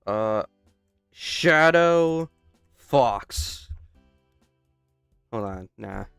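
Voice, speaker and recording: Young male gamer, casual read-aloud playthrough, self-interrupting with jokey asides, smooth resonant voice, dry close mic. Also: mid-range voice, lively intonation, very slow, fairly bright tone, no echo, soft background music. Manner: stops and restarts, breaks off into joking asides. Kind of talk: casual playthrough commentary, reading game text aloud.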